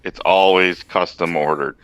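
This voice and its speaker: A man's voice: deep voice, fairly even intonation, measured pace, a bit bright, smooth, no echo. A man co-hosting a podcast, chiming in casually with short, laid-back comments. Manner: laid-back, laughing, brief reactions. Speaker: podcast co-host.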